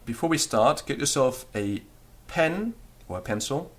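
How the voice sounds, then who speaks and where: A man's voice: mid-range voice, expressive, measured pace. A man teaching a recorded beginner language lesson, explaining patiently and demonstrating the sounds aloud.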